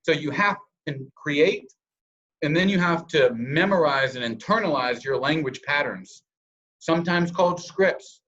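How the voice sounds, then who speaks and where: A man's voice: a little high, measured pace, a bit bright, lo-fi sound. A man giving a sales training presentation over a call, coaching listeners and acting out example scripts in different tones.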